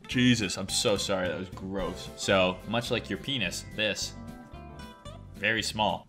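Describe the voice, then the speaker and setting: Brash, swearing crypto livestream host. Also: male voice, low-pitched, measured pace, sharp tone, soft background music. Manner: brash, crude, swearing and self-mocking. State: drinking cider, burping. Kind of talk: profane, joking livestream chart commentary.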